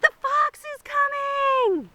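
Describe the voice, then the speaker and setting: Mischievous picture-book cat, high and lively, voiced by a woman reading aloud. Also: quick pace. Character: cheeky little male cat, mischievous.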